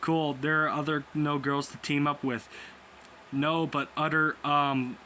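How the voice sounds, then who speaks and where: A young man with a slightly high, bright voice reads a comic aloud in a casual, halting way, tripping over words and restarting lines. He voices all the characters without changing his voice much. A faint hiss of background noise sits under the recording. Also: little pitch movement. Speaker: comic reader.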